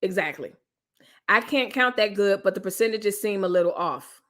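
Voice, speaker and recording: A middle-aged woman chatting casually on a live stream, animated and joking as she reads viewer comments. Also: mid-range voice, normal speed.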